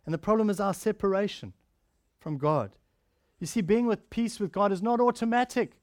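A man preaching a sermon, swinging between emphatic raised lines and soft, quiet passages. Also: high-pitched, normal speed, dry recording, studio quality. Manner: earnest preaching, rising to emphatic then dropping soft and quiet.

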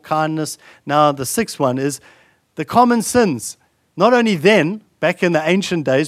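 A man preaching a sermon in an earnest style, building to emphatic repeated lines and dropping soft and slow for solemn points. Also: fairly high pitch, no room sound, clean studio sound. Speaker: pastor.

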